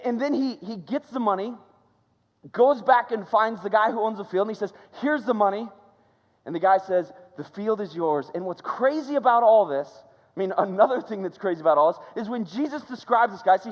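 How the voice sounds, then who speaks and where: A young man tells a sermon story in a lively, chatty way, slipping into the voices of his characters. His voice sits high for a man. A long echo trails behind him in the hall. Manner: animated, conversational, many "like" fillers, acts out characters. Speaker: school chapel speaker.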